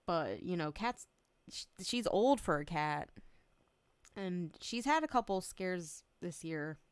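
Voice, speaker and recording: A woman's voice: on the low side, expressive, slow pace, smooth, no echo. A woman streamer chatting casually on a livestream, emotional and close to tears, laughing often and swearing freely. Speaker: VTuber streamer.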